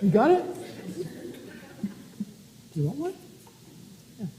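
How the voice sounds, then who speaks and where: Gentle, dark-voiced minister in a reverberant church. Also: medium pitch, sing-song, slow pace, slight background noise. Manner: gentle, playful, talks simply to children. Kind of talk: children's time communion talk. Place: church sanctuary.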